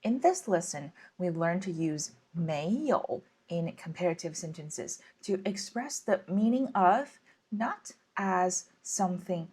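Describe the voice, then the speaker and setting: Breathy lowish woman teacher, goes slow, keeps repeating words n asking "right?". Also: darkish tone. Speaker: Chinese language teacher. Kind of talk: online language lesson.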